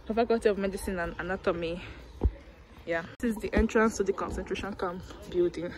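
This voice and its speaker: A woman's voice: mid-range voice, steady tone, fairly quick. A young woman vlogging a walking tour of a university campus outdoors, chatty and self-mocking, talking to viewers through a handheld phone. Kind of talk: casual walking vlog.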